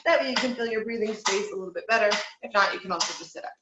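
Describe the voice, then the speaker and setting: A woman's voice: mid-range voice, rapid-fire, roomy sound, heavy background noise. A woman vocal teacher leading an online singing lesson from home, guiding breathing exercises in an encouraging, instructive way and counting aloud. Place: home room.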